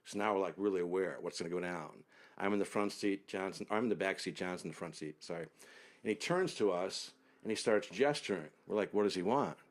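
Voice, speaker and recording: Here a man recounts an extended travel tale while being interviewed, taking his time over the details and frequently letting his sentences fade downward.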